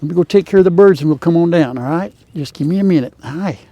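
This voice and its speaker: Older man, folksy farm chat, outdoors, lapel mic, slightly high voice. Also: fast talker, warm tone, no room sound, lo-fi sound. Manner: folksy, chatty, talks to his chickens. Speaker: farm vlog host. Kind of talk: casual farm vlog chat. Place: outdoors at a chicken coop on a cold morning.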